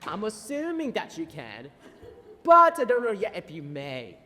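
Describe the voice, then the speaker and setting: A student actress as a bossy, shrill schoolteacher. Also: female voice, huge pitch swings, unhurried, exaggerated voice. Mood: pedantic. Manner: theatrical, commanding, snaps and shouts orders. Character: strict bossy woman schoolteacher, shrill and threatening. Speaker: drama club student actor. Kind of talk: high school stage play. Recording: echoey auditorium, from a distance.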